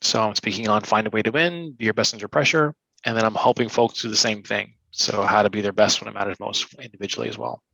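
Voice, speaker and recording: Bright-voiced man giving coaching advice. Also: fairly low pitch, fast, vocal fry, few pauses, dry recording, rough recording. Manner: energetic, acts out little scenes in quoted voices. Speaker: speaker and coach. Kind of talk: interview answers, coaching advice.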